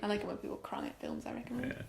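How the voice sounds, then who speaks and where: A woman's voice: racing, reverberant, noisy background. A woman co-hosting a casual film chat, who talks in a chatty, giggly way and trails off mid-sentence. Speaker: podcast co-host.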